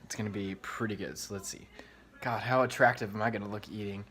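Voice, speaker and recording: Excitable young man rambling in a kitchen. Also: fairly low pitch, quick pace, a little hiss or hum, low-quality recording. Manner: excitable, rambling, swears often, many "like" fillers. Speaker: vlogger. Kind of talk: casual cooking vlog chat. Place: home kitchen. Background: frying sizzle.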